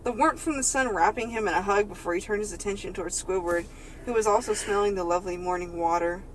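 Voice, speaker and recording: A woman's voice: medium pitch, fast, a little hiss or hum, rough recording. A woman co-hosting a comedy podcast, chatting casually and giggling while she reads a story aloud. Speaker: podcast co-host. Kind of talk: casual comedic chat and fanfiction reading.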